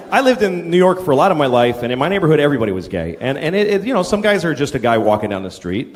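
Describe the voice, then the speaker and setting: A middle-aged man doing a stand-up comedy set, ranting and swearing and acting out shouted characters. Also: mid-range voice. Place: large theater with a laughing audience. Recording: live theater recording, hall echo, crowd laughter.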